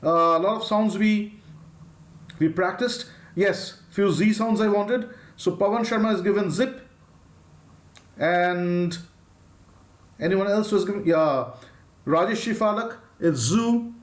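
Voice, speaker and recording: A man with an Indian English accent, teaching a live phonics lesson and drawing out each sound slowly. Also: high voice. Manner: slow, drawn-out demonstration of sounds, reading out viewers' names.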